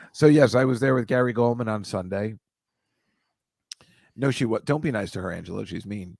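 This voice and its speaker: A man's voice: lowish voice, normal speed, gravelly, pauses often, darkish tone, no echo. Rambling, dry-sounding man chatting to viewers. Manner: rambling, self-interrupting, joking asides. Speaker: host reading viewer comments. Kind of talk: casual live-stream chat.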